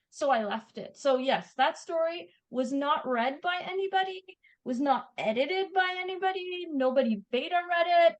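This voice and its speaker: Animated Canadian woman, high voice. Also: normal speed, hardly any pauses, rough recording. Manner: animated, laughing storyteller. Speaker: guest author. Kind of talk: casual interview chat.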